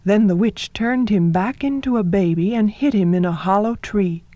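A woman narrating a folktale in a soft, measured storytelling manner, sometimes dropping to a whisper. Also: mid-range voice, dry recording, highs cut off.

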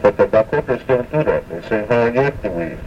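A man giving a patient, methodical language lesson, explaining words one at a time with frequent pauses. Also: fairly low pitch, animated. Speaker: language teacher. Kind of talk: slow spoken language lesson. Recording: dull, distant lo-fi recording with faint hiss.

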